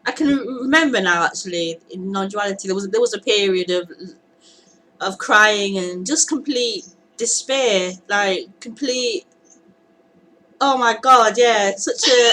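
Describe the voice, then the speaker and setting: A woman teacher speaking slowly in a musing, halting way. Her pitch sits a little high and moves a lot, rising and falling as she searches for words in a live group talk. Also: expressive, fairly bright tone, slight background noise, poor audio. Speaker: spiritual teacher.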